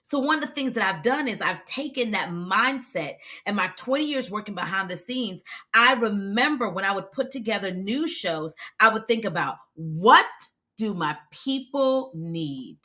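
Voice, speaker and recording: American woman in her forties, video coach on a live stream, emphatic, lively swooping pitch, bright tone. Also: moderate pace. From United States. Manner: animated, emphatic, talks to viewers in the comments.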